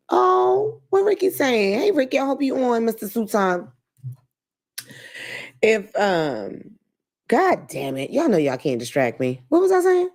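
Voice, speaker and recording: A woman's voice: lowish voice, darkish tone. A woman hosting a casual advice talk show, blunt and profane, often laughing as she speaks to her audience. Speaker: host.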